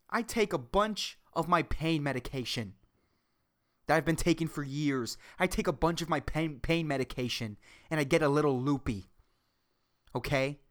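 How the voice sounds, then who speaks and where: A woman's voice: deep voice, a bit bright. A woman voicing a blunt older lady, a big TV-watching woman who keeps asking "okay?". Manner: blunt, sassy, repeats "okay?".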